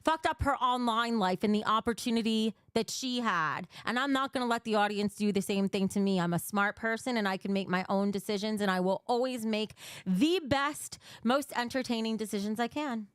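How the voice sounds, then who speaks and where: A woman's voice: fairly high pitch, normal speed, few pauses, clear, resonant tone, no room sound, studio quality. A young woman hosting a livestream, talking bluntly and emotionally, swearing freely while answering her chat. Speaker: livestream host.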